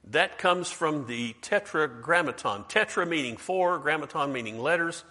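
A man's voice: on the high side, lively intonation, unhurried, few pauses, pushed and bright. A man preaching a sermon in a conversational way, quizzing his congregation and slipping in joking asides. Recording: long hall reverb.

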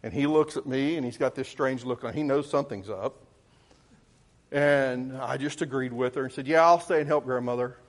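A man tells a childhood story in the middle of a sermon. His pitch sits in the middle of a man's range, and he talks in a folksy, rambling way, restarting and correcting himself as he goes. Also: fairly even intonation, moderate pace. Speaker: preacher.

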